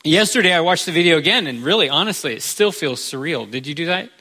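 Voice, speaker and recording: Un hombre estadounidense de mediana edad que predica con un tono sincero y conversacional, voz algo aguda y muy brillante. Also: male voice, fairly high pitch, lively intonation, quick pace, sharp tone, slightly rough. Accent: American. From United States. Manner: earnest, conversational storytelling. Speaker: pastor. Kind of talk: sermon.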